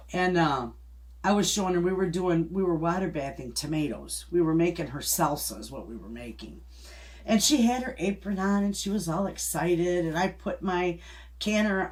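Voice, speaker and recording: A middle-aged woman hosting a homestead channel, chatting casually and telling a story in a folksy, rambling way with restarts and little chuckles. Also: lowish voice.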